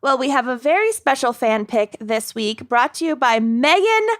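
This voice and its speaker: Brief: higher-voiced woman, podcast co-host, wry self-deprecating banter. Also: very animated, normal speed, a bit bright. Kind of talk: casual chat.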